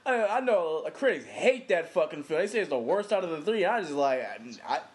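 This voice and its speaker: A man chatting casually about movies, swearing a lot, laughing often and acting out scenes in quick put-on voices. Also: fairly high pitch, sing-song. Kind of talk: casual profane movie chat.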